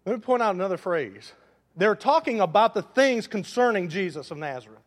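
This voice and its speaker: A man preaching a sermon as pastor, lively and joking, drawing the congregation into call and response. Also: high voice, a little fast, big-room sound.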